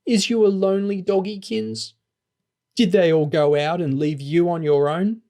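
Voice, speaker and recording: A man's voice: sits high, fairly even intonation, normal speed, voice pushed up. A man reading an audiobook, voicing a caring twelve-year-old girl who is close to tears. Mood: fond. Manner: fond, soft-spoken.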